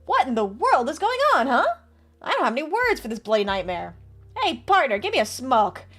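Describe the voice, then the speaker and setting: A woman voicing a gruff, rude male patrolman in a video game, speaking brashly and coarsely. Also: high voice, sing-song, fairly quick, a bit bright, full character voice. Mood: shocked.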